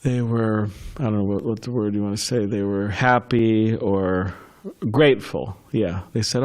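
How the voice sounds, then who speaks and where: Low-voiced man giving a scripture class. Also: steady tone, measured pace, hardly any pauses, darkish tone. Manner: chatty, with laughs and restarts. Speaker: class speaker.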